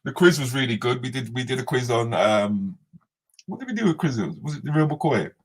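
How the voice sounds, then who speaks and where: A man's voice: medium pitch, expressive, a little fast, slightly rough. A man hosting a casual live stream, chatting and laughing as he answers viewer comments.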